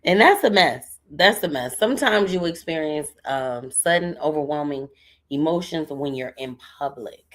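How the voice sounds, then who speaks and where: A woman co-hosting a podcast, talking in a relaxed, reflective way with folksy phrasing. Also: sits low, moderate pace. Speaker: podcast co-host. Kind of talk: casual chat.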